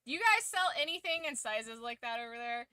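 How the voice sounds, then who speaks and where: A talkative woman hosts her stream in an easygoing chat, laughing often and letting swear words slip. Her voice sits a little high and rings bright. The sound is close and dry, with no room around it. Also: big pitch swings, a little fast, clear, resonant tone, no room sound. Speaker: streamer hosting a watch-along. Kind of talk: casual chat.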